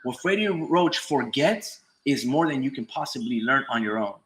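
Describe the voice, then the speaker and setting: A man's voice: mid-range voice, expressive, moderate pace, a bit bright, rough recording. A man giving a casual, emphatic boxing monologue, swearing freely and repeating his points. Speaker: boxing commentator streamer. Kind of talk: casual profane opinion monologue.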